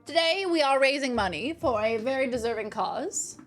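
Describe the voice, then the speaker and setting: A young woman with a fairly high voice, chatting live to her viewers while she plays a game. She is playful and jokey throughout, with a bit of music faintly underneath. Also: expressive, moderate pace. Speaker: game streamer. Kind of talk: casual live-stream chat.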